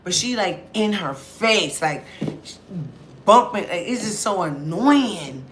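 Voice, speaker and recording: A woman's voice: mid-range voice, slow pace, background noise. A woman vlogger telling a story casually and with lots of energy, acting out other people's voices and swearing freely. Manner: animated, acts out others' voices, profane.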